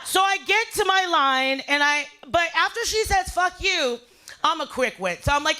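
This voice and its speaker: A woman doing a stand-up comedy set, brash and profane, telling a story with loud voiced asides. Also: very high-pitched, lively intonation, moderate pace, slight background noise. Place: live fundraiser show.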